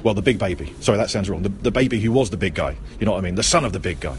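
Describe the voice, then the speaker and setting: A man's voice: on the low side, expressive, rapid-fire. A middle-aged man hosting a casual, chatty talk outdoors while out shopping, often correcting himself and joking. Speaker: host. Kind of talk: casual talk about Christmas history. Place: outdoors near a road, out shopping. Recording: outdoor street recording with faint traffic.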